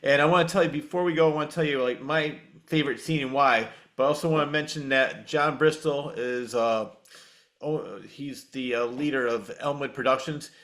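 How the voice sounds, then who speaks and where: A man's voice: mid-range voice, normal speed, a bit bright. A man hosting a podcast in casual chat, enthusiastically plugging channels and telling stories. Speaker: podcast host.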